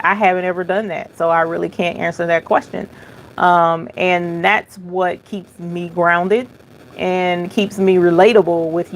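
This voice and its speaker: A middle-aged woman with a gravelly, fry-edged voice that sits a little low. She hosts a live Q&A, reading comments off and chatting in a folksy, easygoing way, thinking out loud between answers. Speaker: embroidery channel host.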